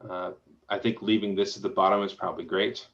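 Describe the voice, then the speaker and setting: A man's voice: low voice, fairly even intonation, fairly quick, a bit bright, highs cut off. A man reviewing a website aloud in casual, encouraging feedback, thinking through each suggestion as he goes, heard over a video call. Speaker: web design reviewer.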